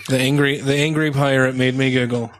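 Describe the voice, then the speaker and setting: A man hosts a loose studio podcast at an ordinary middle pitch. He reads definitions aloud in a tone of amused disgust and keeps the talk moving. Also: little pitch movement, brisk. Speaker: podcast host. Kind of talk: casual podcast chat.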